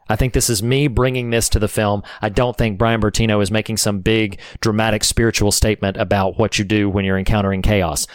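Earnest man with a smooth, dry voice. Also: lowish voice, no room sound. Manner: earnest, reflective, many restarts. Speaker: podcast co-host. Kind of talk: casual film discussion.

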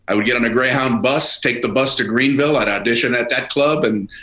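Bright-voiced man telling road stories. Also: mid-range voice, a little fast, reverberant, poor audio. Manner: rambling anecdotal, acts out dialogue. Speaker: comedian guest. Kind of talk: casual storytelling chat. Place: home office.

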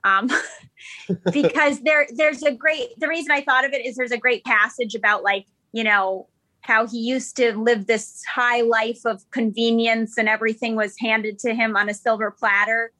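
A woman comedian talks as a guest in an easy, chatty way, with quick asides. Her voice sits high and sounds bright. The sound is dry and close. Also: fairly even intonation, dry recording. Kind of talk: casual interview chat.

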